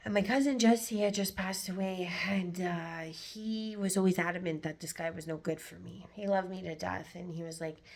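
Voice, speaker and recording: A woman's voice: lowish voice, fairly even intonation, moderate pace, gravelly, few pauses, darkish tone. A woman vlogger telling a personal story in a candid, blunt way, swearing and filling her talk with "like". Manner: candid, blunt, profane, many filler "like"s.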